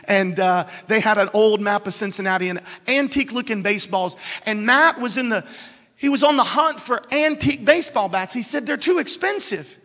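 A man preaching a sermon, telling a story and building up to shouted, fervent lines. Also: sits high, normal speed. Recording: long reverb of a hall.

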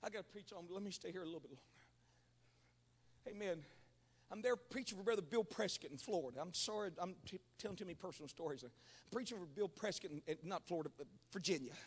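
Husky high-voiced revival preacher man. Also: lively intonation, quick pace, in a large hall. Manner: storytelling preacher, calls on the congregation. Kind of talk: Pentecostal revival sermon.

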